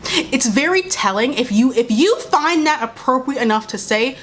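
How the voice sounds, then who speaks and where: A woman's voice: high voice, expressive, normal speed, fairly bright tone, a little hiss or hum. A young adult woman vlogging, speaking heatedly and emphatically, repeating her points and mimicking others mockingly. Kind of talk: impassioned commentary to camera.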